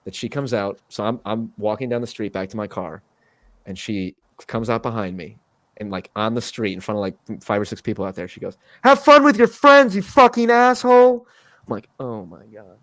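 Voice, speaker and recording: A man's voice: fairly low pitch, steady tone, a little fast, dry recording. A young man in his twenties hosting a casual podcast, rambling through a story with many fillers and restarts. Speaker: podcast host.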